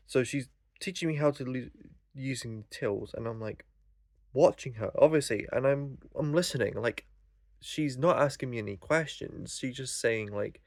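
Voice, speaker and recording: Young guy, mid-pitched, sweary rambling vlog rant, dry sound. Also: moderate pace, dry recording. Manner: rambling, sweary, full of fillers. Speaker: vlogger. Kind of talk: casual storytelling rant.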